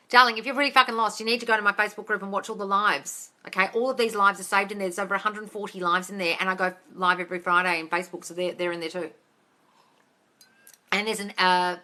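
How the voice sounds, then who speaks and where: Blunt, bright-toned woman coach. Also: mid-range voice. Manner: blunt, swears, calls listeners darling. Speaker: manifesting coach. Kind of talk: live-stream Q&A.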